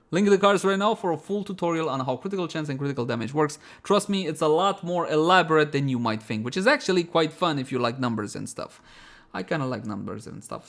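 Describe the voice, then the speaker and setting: Chatty man narrating a game guide. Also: on the high side. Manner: chatty and self-mocking, often breaking into laughter; addresses viewers as "my friends", animated. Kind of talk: voice-over gameplay guide.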